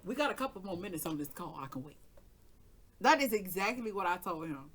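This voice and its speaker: A woman tells a story in a casual, animated way. She curses freely and acts out every voice in the dialogue herself. Her voice is low-set but bright and forceful. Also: a little fast, slightly rough. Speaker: tarot reader and channel host.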